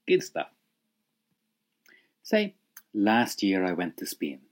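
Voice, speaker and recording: A man's voice: on the low side, huge pitch swings, very slow. A man teaching an audio language lesson, encouraging the listener and prompting them to repeat phrases.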